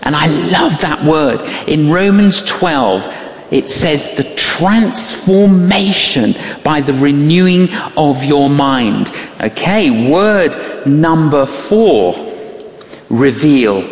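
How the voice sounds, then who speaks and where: Older preacher, slow storytelling, lively ups and downs, big echoey hall. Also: medium pitch. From outside America. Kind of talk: sermon with personal stories. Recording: echoey hall with long reverb.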